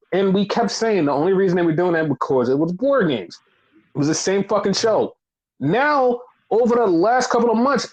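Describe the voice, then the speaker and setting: A man's voice: high-pitched, darkish tone, low-quality recording. A young man co-hosting a wrestling podcast, ranting in casual, heated talk full of swearing and repeated jabs.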